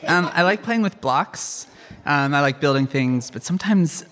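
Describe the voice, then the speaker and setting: A man doing a kids' stand-up comedy set in a rambling, halting, self-deprecating way. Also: fairly high pitch, expressive, very noisy.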